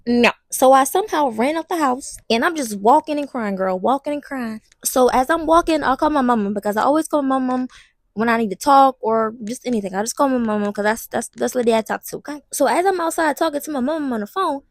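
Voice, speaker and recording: A young woman telling a personal story to the camera in an animated, slangy way, talking straight to the viewer. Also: high voice, fast, dry recording, studio quality. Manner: slangy and blunt, with some swearing. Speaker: vlogger. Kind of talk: casual storytime.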